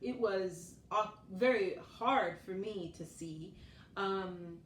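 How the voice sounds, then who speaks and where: A woman's voice: medium pitch, takes it slowly. A woman in her forties, chatting casually as a vlogger. She tells stories, laughs often and acts out what other people said. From United States. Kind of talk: casual storytelling chat. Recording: echoey room, mic at a distance, faint noise.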